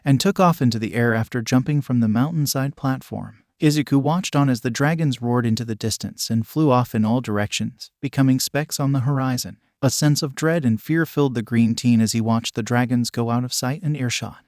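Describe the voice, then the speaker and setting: A man's voice: mid-range voice, brisk, hardly any pauses, darkish tone, dry recording, clean studio sound. Man reading a fan story aloud. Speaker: narrator.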